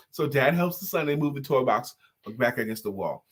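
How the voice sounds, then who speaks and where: A man co-hosting a talk show, chatting casually and telling animated stories. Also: medium pitch, a little fast. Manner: animated storyteller, acts out voices in jokes and stories. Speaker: podcast co-host. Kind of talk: casual chat with storytelling.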